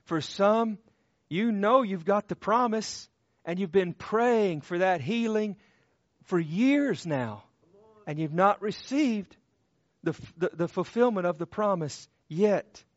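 Impassioned man preaching a slow sermon. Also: sits high, animated, dry recording, dull audio. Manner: impassioned, swings from loud emphatic cries to hushed tender tones; repeats short phrases for emphasis.

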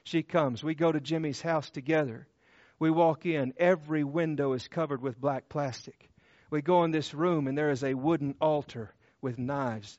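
A man's voice: on the high side, no echo, lo-fi sound. A man preaching a sermon, telling a testimony story in a fervent storytelling manner. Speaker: pastor.

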